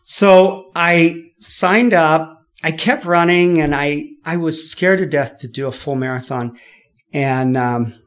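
A man from California, a podcast guest, telling his story in a lively way, laughing often and acting out what people said. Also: fairly high pitch, takes it slowly. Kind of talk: storytelling in an interview.

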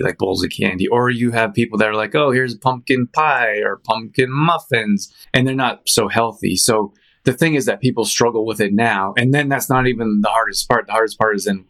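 A man hosting a show, chatting casually in a rambling, animated storytelling way with frequent restarts and fillers. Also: lowish voice. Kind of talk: casual chat.

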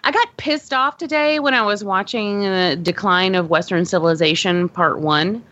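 A woman's voice: mid-range voice, normal speed, a bit bright. A woman hosting a podcast in casual chat, rambling with many fillers and frequent swearing. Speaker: podcast host. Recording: dull lo-fi dry audio.

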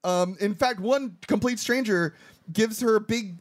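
A man's voice: high-pitched, a little slow. A man hosting a podcast who recaps a movie in casual, jokey, profane chat. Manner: animated, profane, jokey storytelling. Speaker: podcast host.

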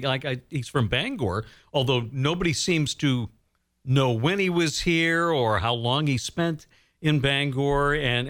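A man's voice: mid-range voice, a bit bright. A man radio host, conversational and easygoing, interviewing a guest in a studio.

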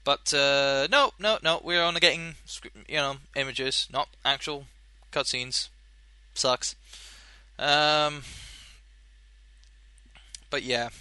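A young man hosting a casual solo podcast, rambling and animated, swearing casually and laughing at his own jokes. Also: medium pitch, slow, pauses often, clean tone, dry recording. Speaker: podcast host.

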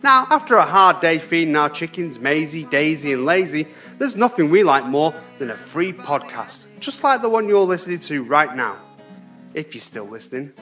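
A man doing a grumpy, bossy farm podcast host. He snaps at his sidekick with a bright, tense edge, a touch higher than most men, over faint music. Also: very animated, normal speed. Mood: exasperated. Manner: exasperated, snapping insults. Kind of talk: scripted comedy sketch.

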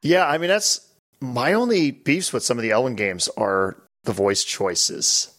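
A man's voice: mid-range voice, a little slow, a bit bright. A man hosting a pinball podcast, chatting casually, laughing often and mimicking game voices. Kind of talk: casual chat.

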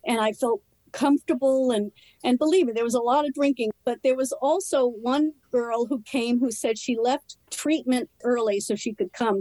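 A woman telling her personal recovery story in conversation, candid and earnest, in short halting phrases. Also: on the high side, darkish tone, dry recording, rough recording. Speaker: interview guest.

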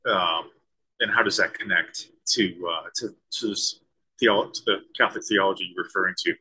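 A man, a former special-forces soldier and leadership consultant, answering interview questions thoughtfully with halting restarts. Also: deep voice, sharp tone, breathy edge, low-quality recording. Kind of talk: conversational interview.

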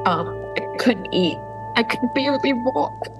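A young woman crying as she tells a painful personal story, halting and restarting often. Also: fairly high pitch, animated, over music, low-quality recording. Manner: tearful, halting, many ums and restarts. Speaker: interview guest telling her story. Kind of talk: emotional personal account.

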